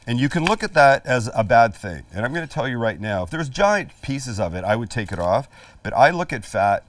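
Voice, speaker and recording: A man's voice: medium pitch, sing-song, a little fast, no room sound, distant mic. A middle-aged man hosting a casual cooking demonstration in his backyard, chatty, jokey and emphatic. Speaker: cooking show host. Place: outdoor backyard kitchen.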